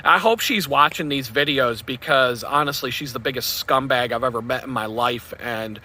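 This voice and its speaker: A man's voice: medium pitch, normal speed, bright, forceful tone. A man talking casually to his vlog audience in a blunt, rambling, profane way. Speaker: vlogger.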